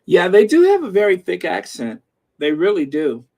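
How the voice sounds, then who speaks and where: A man's voice: high-pitched, huge pitch swings, moderate pace, vocal fry, a little mellow. A middle-aged man from the American Midwest hosting a casual livestream, reading viewer comments aloud with lots of fillers and laughs. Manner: chatty, laughs often, reads comments aloud with frequent fillers. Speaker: host reading live chat.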